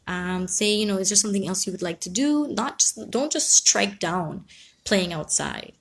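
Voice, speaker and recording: A woman counsellor speaking calmly and reassuringly on a live stream, giving advice and answering viewers. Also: medium pitch, normal speed, vocal fry, slightly rough. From Guyana. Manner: calm, reassuring, reads out viewer comments.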